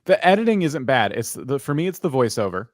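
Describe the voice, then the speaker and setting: A man's voice: mid-range voice, big pitch swings, fairly quick, dry recording, studio quality. A man hosting a live review of video channels, talking casually and frankly as he thinks aloud.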